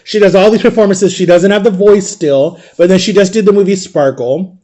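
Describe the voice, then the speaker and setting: A man's voice: high voice, brisk, mellow. A man telling personal memories in a casual, chatty monologue, often adding "like" and "right?". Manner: chatty, peppers talk with "like" and "right?"; emotional, vivid retelling of memories. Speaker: vlogger.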